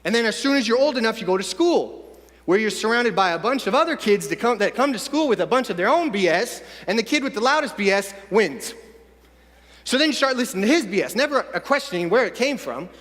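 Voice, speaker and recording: A man giving an energetic, punchy motivational speech to a young audience in a large conference hall. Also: high voice, fast talker. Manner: energetic, punchy, addressing the crowd directly. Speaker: motivational speaker.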